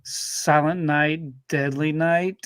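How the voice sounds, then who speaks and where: A man's voice: a little high, steady tone, slow pace, fairly bright tone, smooth, dry recording. A man as a guest in a casual chat, dry and sarcastic, hesitating with ums as he answers. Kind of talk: casual conversation.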